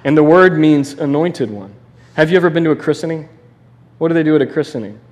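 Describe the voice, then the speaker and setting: A man's voice: a little high, fast. Conversational man preaching a sermon. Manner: conversational, animated preaching with restarts and asides. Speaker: pastor.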